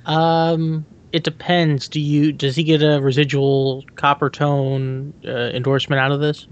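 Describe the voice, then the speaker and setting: A man's voice: fairly high pitch, level tone, a little slow. A man co-hosting a casual podcast chat, mostly short dry quips and murmured agreement. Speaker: podcast co-host. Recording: dull lo-fi audio.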